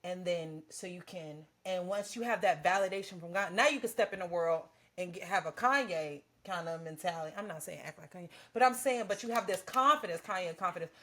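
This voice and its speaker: Her voice is fairly low and her delivery brisk, with few pauses. As a podcast co-host in a casual faith-based chat, she tells an animated story and acts out her prayers to God.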